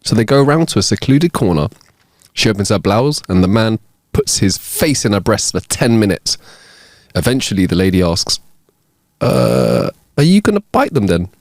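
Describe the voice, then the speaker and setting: A man's voice: very animated, a little fast, dry recording, clean studio sound. A man co-hosting a comedy podcast, telling jokes in a playful way. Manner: playful, riffs, drops low for voices in jokes. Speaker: podcast co-host. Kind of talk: joke-telling podcast chat.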